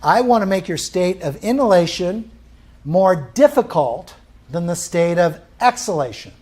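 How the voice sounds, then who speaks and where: Male instructor teaching a live class, lively pitch, keeps asking the room questions. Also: unhurried. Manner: quizzing the class with questions, animated.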